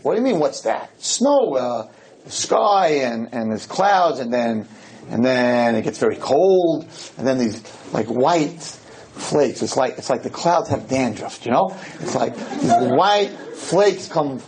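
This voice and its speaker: A rabbi giving a humorous storytelling lecture, animated and jokey, jumping into high voices for the people he quotes. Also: rough recording. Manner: jokey, rapid asides.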